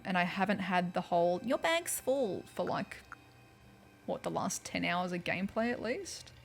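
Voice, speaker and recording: A woman's voice: fairly low pitch, gravelly. Chatty Australian woman streaming a game. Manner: chatty and rambling, heavy on "like" and "um". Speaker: livestreamer. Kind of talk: casual chat while playing a video game.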